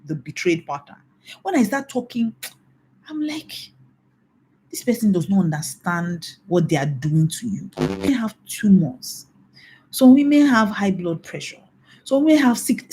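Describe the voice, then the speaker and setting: A woman's voice: medium pitch, a little mellow. A middle-aged Nigerian woman pastor giving a mentoring talk, emphatic and scolding, repeating her warnings. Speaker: pastor and infidelity recovery coach.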